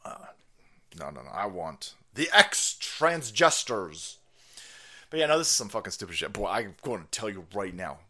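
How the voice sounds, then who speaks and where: A man's voice: on the low side, big pitch swings, normal speed, bright, forceful tone. A man hosting a livestream with crude, joking commentary, laughing often between remarks. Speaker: stream host.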